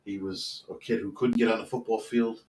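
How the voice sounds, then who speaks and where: A man's voice: lowish voice, flat delivery, normal speed, a little mellow, a little hiss or hum. A man who coaches youth football, telling a long story in a casual, earnest, rambling way and swearing now and then. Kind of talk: casual storytelling in a podcast interview. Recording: roomy sound from a distant mic.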